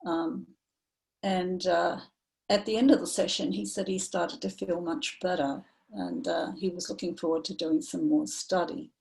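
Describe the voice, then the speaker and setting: A woman therapist speaking in an online training session, telling a client story in a measured, reflective way with frequent ums and uhs. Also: lowish voice, fairly even intonation, creaky, a little mellow, poor audio. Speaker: somatic therapist presenting to professionals.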